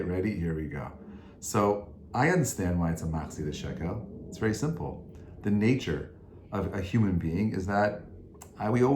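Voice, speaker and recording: A male rabbi giving an informal Torah class, chatty and conversational, rising now and then to emphatic, forceful peaks. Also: low-pitched, reverberant, a little hiss or hum.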